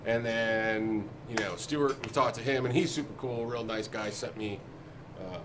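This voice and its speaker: A man's voice: on the low side, normal speed, background noise. A man co-hosting a casual music shop Q&A, loose and joking, swearing casually. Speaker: co-host of a music shop Q&A show. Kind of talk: casual chat.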